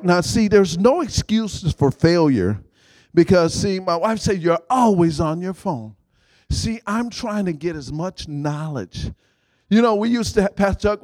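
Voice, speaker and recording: A man preaching a sermon in call-and-response style, prompting the congregation to finish his lines and rising to shouts. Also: high-pitched, dry recording.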